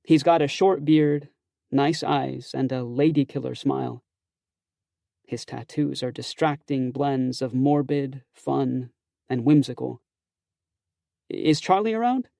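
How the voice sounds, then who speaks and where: A man's voice: medium pitch, little pitch movement, slow pace, gravelly, mellow, dry recording. A man narrating a first-person audiobook in a wry, conversational, self-conscious way, close to a studio mic.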